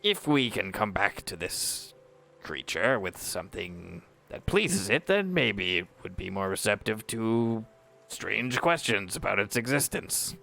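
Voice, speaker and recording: A man at a tabletop game with a low, gravelly voice. He speaks slowly and hesitantly, politely feeling his way through each sentence with a bright edge. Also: sing-song. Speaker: player. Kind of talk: casual tabletop play.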